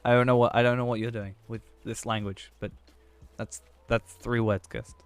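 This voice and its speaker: A man's voice: mid-range voice, level tone, moderate pace, clear, resonant tone, no room sound, faint music behind. A man streaming a game, chatting casually and thinking aloud in a rambling, self-mocking way. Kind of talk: casual gameplay chat.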